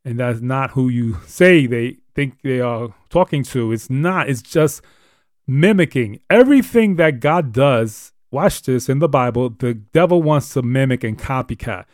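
A man's voice: mid-range voice, expressive, unhurried, no echo, studio quality. A man hosting a live show, teaching on the Bible in an earnest, emphatic, repetitive way. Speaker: host.

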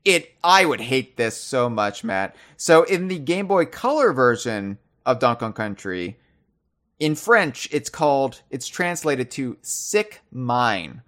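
A man co-hosting a podcast in casual chat, animated and thinking aloud, often restarting and repeating words. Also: takes it slowly. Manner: animated, puts on a loud booming trivia voice. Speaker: podcast co-host.

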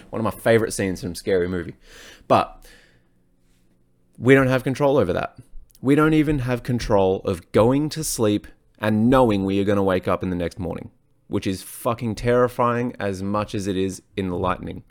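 A man's voice: on the low side, moderate pace. A man, a fitness coach, talking alone on his podcast in a blunt, profane, rambling way. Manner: blunt and profane, frequent swearing; rambling, self-correcting, off on tangents. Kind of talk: solo podcast monologue.

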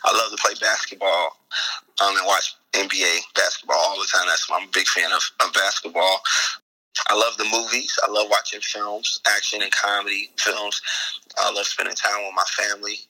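A man's voice: fairly low pitch, normal speed, rough recording. A man, a comedian and actor, chatting casually as an interview guest and telling stories with lots of laughter. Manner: animated storyteller who laughs often.

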